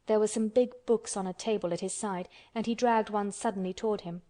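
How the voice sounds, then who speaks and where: A woman reads an audiobook from a script, calm and measured, in a mid-range voice.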